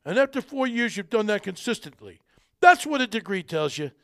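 A man doing a gruff gangster boss impression. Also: high-pitched, big pitch swings, a little fast, a bit bright, voice pushed up, exaggerated voice. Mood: lecturing. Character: tough gangster boss impression, male, middle-aged.

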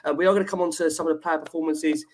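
Male podcast host, rapid delivery, brisk and steering. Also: fairly high pitch, steady tone, slight background noise. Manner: brisk, steering the panel with questions. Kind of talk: hosting a podcast discussion.

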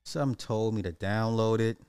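A man, ranting in casual commentary, loose and animated, swearing and repeating himself. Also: fairly low pitch, brisk, clean tone, no echo, clean studio sound, soft background music.

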